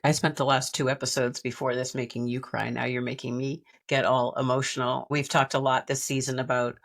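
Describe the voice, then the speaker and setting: A woman's voice: very deep voice, little pitch movement, brisk, gravelly. A woman co-hosting a podcast, talking in an earnest, reflective way with frequent restarts. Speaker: podcast co-host. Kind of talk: heartfelt podcast conversation.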